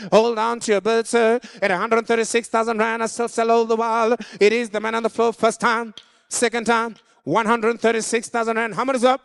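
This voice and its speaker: Fast-chanting auctioneer. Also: male voice, high-pitched, vocal fry, fairly bright tone, clean tone, no echo, studio quality. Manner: fast rhythmic chant, pleading for bids. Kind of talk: rapid live auction calling.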